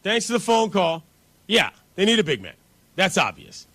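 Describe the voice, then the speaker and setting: A man hosting a sports talk radio show, talking in a brisk, opinionated way between callers. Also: high-pitched, huge pitch swings, sharp tone, dry recording.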